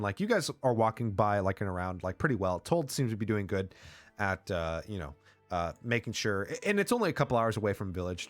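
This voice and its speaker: A man's voice: lowish voice, dry recording. A man running a tabletop game as game master, narrating in a loose, rambling way full of likes and uhs. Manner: rambling, filler-heavy narration.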